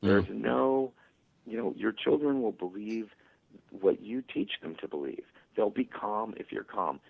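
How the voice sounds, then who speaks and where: A male author telling stories and acting out parents' voices in a radio interview, with a husky, gravelly voice. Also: on the low side, animated, unhurried. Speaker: author guest. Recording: tinny phone line.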